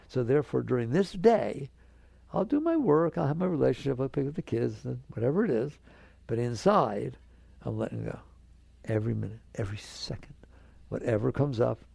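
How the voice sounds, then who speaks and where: A man teaching spirituality in a relaxed, conversational way, often asking his listeners rhetorical questions. His voice is gravelly and mellow, and he speaks at a middle pitch. The sound is dry and close, with no room echo. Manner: soothing, coaxing the listener to relax. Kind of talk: spiritual talk to an audience.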